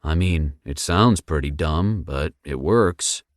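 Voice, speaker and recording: A calm, protective young big brother, read by a man in an audiobook. The voice stays low and steady, with a reassuring manner. The sound is dry, with no room around it. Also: slow, no room sound. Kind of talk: audiobook character voice.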